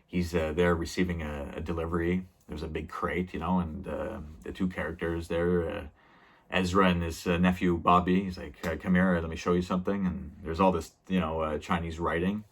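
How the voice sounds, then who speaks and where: A man's voice: deep voice, level tone, normal speed. A man casually recapping a TV episode as a reviewer, rambling with many fillers and small laughs.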